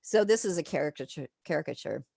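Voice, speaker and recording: A woman's voice: low-pitched, lively intonation, quick pace, vocal fry, warm tone, slightly rough, dry recording, clean studio sound. An older woman, a professor, giving a chatty, digressive slide lecture full of fillers and asides.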